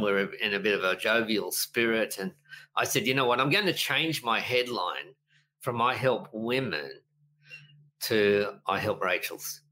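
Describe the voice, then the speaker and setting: A middle-aged business coach in a casual podcast interview, telling stories in an animated way and acting out quotes. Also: male voice, on the low side, a little hiss or hum, low-quality recording. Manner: animated storyteller, lively voices for quotes, frequent laughs.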